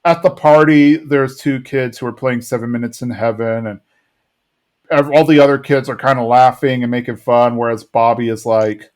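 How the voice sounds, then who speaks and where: A man's voice: mid-range voice, normal speed, a little mellow. A man co-hosting a podcast, casually recapping an episode and rambling, sometimes acting out characters' lines. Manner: rambling, acts out lines in funny voices. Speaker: podcast co-host.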